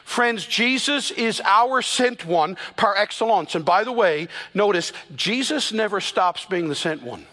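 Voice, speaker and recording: A man preaching a Sunday sermon as a pastor, emphatic, slowing down to stress the scripture he quotes. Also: high voice, lively intonation, bright, forceful tone, big-room sound. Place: church sanctuary.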